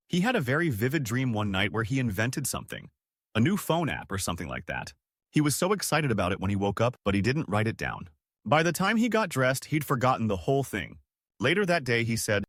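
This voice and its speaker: Male narrator for a story read-out, wry delivery, animated pitch, dry close sound. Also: no room sound. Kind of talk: scripted narration of reader stories.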